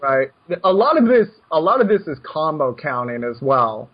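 A man coaching poker in casual chat, brash and animated, given to joking rants. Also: a little high, normal speed, dull audio.

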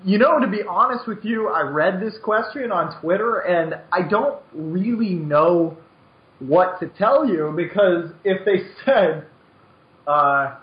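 Man, high voice, podcast co-host, rambling, opinionated, echoey room, muffled recording. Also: lively intonation, takes it slowly. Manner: rambling, opinionated, frequent restarts. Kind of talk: casual podcast chat.

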